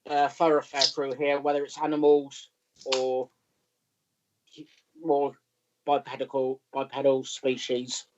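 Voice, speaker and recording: A man's voice: medium pitch, monotone, slow pace, long pauses. A man chatting playfully as a player in a tabletop game. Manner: playful, slips into his character's lines. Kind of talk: casual game chat. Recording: muffled lo-fi stream audio.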